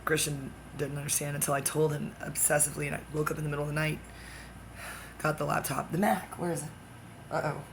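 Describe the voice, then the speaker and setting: A woman's voice: low-pitched, little pitch movement, fast talker, gravelly, noisy background. A woman ranting in a rambling personal vlog, agitated and swearing, jumping from one topic to the next. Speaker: vlogger. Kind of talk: rambling personal rant to the camera.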